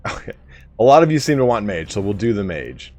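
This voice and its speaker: A man's voice: on the low side, very animated, fairly quick, a little mellow. A man livestreaming a video game, chatting casually to his viewers and explaining the mechanics as he plays. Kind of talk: casual gameplay commentary.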